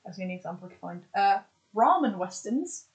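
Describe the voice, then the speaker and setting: A woman's voice: mid-range voice, big pitch swings, brisk, faint music behind, rough recording. A woman in casual podcast chat, running through examples with lots of fillers and restarts. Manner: chatty, lists examples with many fillers and restarts. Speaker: podcast co-host.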